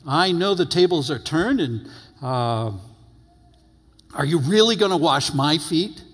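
A man's voice: fairly high pitch, lively intonation, measured pace, a bit bright, breathy edge, exaggerated voice. A man playing an indignant disciple, a grown man startled and protesting. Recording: long hall reverb.

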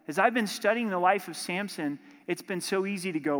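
Male pastor, high voice, impassioned sermon delivery, long hall reverb. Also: brisk, few pauses. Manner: impassioned, rising to forceful emphasis.

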